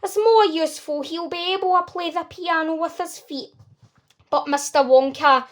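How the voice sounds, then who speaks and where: A brisk, eccentric chocolate maker who cheerfully brushes off every worry, as a woman reads him aloud. The voice stays light and fairly high, with a storybook lilt. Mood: breezy.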